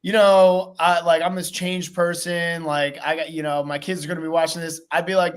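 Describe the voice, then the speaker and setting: A man hosting a casual podcast chat, talking in an animated, profane way and acting out quotes. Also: fairly high pitch, a little fast, few pauses, smooth. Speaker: podcast host.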